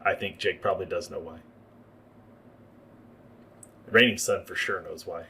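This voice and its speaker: Bright-voiced man running a tabletop game. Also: sits low, steady tone, quick pace. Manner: explains rules at length. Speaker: game master. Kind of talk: narrating a tabletop game livestream.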